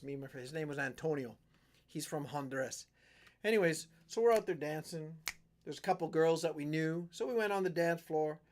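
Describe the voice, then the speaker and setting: A middle-aged man from western Canada telling a rambling story on his live stream, acting out what people said. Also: fairly high pitch. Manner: rambling, animated storyteller who acts out quotes.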